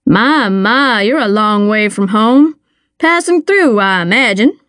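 A woman voicing a genial, smooth-talking small-town male mayor in an audiobook, effusive and chatty. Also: mid-range voice, expressive, slow, fairly bright tone, dry recording, clean studio sound. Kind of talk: audiobook character voice.

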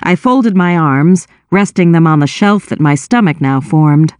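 A woman reading a first-person novel aloud with wry, expressive storytelling. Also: sits low, measured pace, dry recording, studio quality. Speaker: audiobook narrator.

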